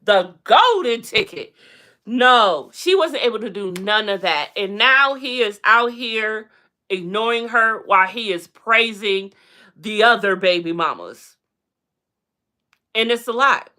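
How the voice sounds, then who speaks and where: Sassy, bright-voiced woman live-streaming gossip. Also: unhurried. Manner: sassy and blunt, with big pitch swings; chatty, calls out to viewers. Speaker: livestream host.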